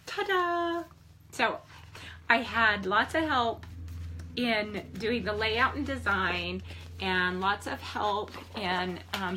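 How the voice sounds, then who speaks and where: Older woman life coach, crisp bright tone, eager and animated motivational vlogger. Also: medium pitch. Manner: enthusiastic and animated, often laughing. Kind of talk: motivational vlog talk.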